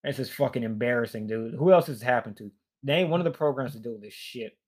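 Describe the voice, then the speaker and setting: A weary young man vents in a loose, profane rant, sighing and trailing off between bursts of frustration. His voice sits at an ordinary middle pitch, tired and worn down. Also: fast. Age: young adult. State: fatigued. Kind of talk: casual rant.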